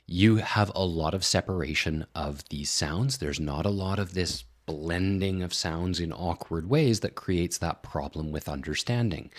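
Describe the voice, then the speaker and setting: A man teaching as an English speaking coach, calmly explaining step by step in a casual spoken lesson. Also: sits low, measured pace.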